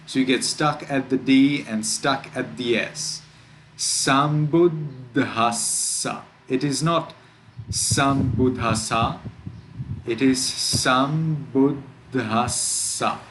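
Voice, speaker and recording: A man who is a Buddhist monk, teaching a class how to pronounce chant words and drawing each word out slowly and carefully. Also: medium pitch, fairly even intonation, slight background noise, rough recording. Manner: slow, careful, demonstrates words by drawing them out.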